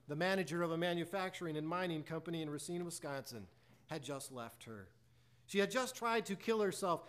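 A preacher telling a personal story in a sermon, acting out both sides of a conversation and reciting hymn lyrics. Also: male voice, fairly high pitch. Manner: animated storyteller acting out dialogue.

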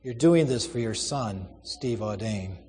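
A man's voice: fairly low pitch, lively intonation, a little slow, dark tone, long reverb tail, faint music behind, pitched below the performer's own voice. A man voicing a compassionate young woman who pleads and persuades urgently.

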